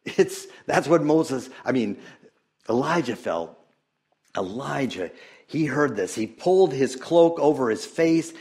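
Expressive preacher man, swinging loud to hushed. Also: medium pitch. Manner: chuckles often, with hesitant restarts. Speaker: pastor. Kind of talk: sermon.

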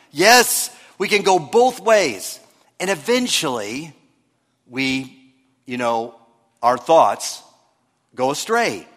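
A man preaching a sermon, moving between emphatic and hushed delivery. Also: fairly high pitch, slow pace, long pauses. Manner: lively preaching, shifts between loud and hushed. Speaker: pastor. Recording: long hall reverb.

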